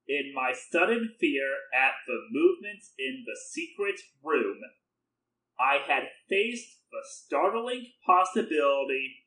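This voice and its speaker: A man reading a classic mystery story aloud in measured narration, voicing the dialogue. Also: fairly high pitch, pushed and bright. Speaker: audiobook reader. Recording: roomy echo.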